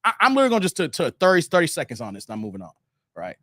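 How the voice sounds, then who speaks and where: A man hosting a casual live stream, reading viewer comments and ranting in an animated, joking way with frequent laughter. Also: on the high side, very fast, no echo, clean studio sound.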